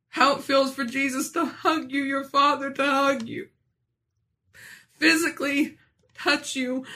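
Bright, high-voiced woman giving testimony. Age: 40s. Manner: earnest, halting, with many restarts and fillers. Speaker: speaker sharing a personal testimony. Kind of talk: emotional religious testimony.

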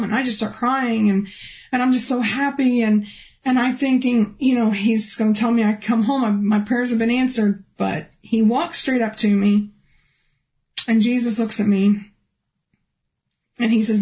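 A woman telling a personal testimony in a halting, restart-filled way, her voice rising high and emotional when she recalls pleading. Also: fairly even intonation, a little mellow, rough recording. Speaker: guest telling a near-death testimony. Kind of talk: personal testimony, casual storytelling.

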